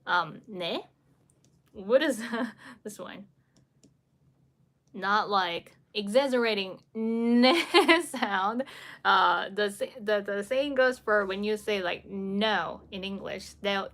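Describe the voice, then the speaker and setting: A woman's voice: mid-range voice, a bit bright. A woman teaching pronunciation on a live stream, patiently repeating syllables to demonstrate sounds and answering viewers' comments. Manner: frequent fillers and restarts, laughs lightly.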